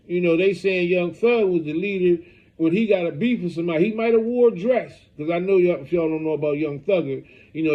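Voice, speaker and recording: Rambling man in lo-fi street commentary. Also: high-pitched. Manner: rambling, heavy use of "you know what I mean". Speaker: street news channel host. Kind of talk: casual street news commentary.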